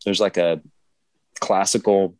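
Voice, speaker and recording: Deep voiced guy hosting a podcast, jokey, asks the questions. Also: a little slow, no room sound. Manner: joking, lively, asks the questions. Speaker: podcast host. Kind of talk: casual podcast chat.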